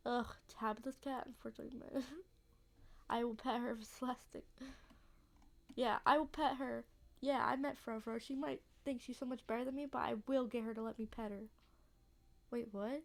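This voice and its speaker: Chatty woman with a gravelly voice. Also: fairly high pitch, fairly even intonation, normal speed, long pauses. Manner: chatty, lots of "like", blunt reactions. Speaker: let's play gamer. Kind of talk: casual gameplay commentary.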